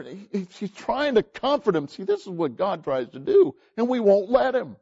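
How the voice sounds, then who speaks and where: Man preaching, high animated voice, slow deliberate delivery, emphatic rhetorical questions, dull lo-fi sound. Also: husky. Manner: emphatic, repeats words, dramatic rhetorical questions. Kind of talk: sermon. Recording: dull lo-fi sermon recording.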